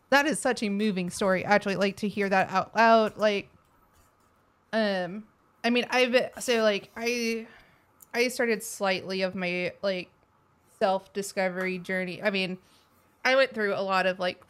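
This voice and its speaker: Young texan podcaster, rambly, lots of likes and restarts, smooth clean voice. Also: female voice, mid-range voice. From Texas. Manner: rambling, halting, many fillers and restarts. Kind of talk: casual podcast conversation.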